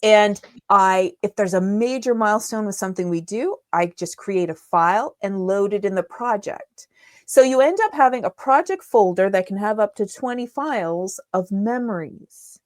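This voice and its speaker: A woman's voice: medium pitch, moderate pace, a little mellow, no echo. Woman guest walking through how she works, keen and chatty, dry sound. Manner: enthusiastic, explaining step by step. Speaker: guest, digital marketing strategist. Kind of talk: conversational interview answers.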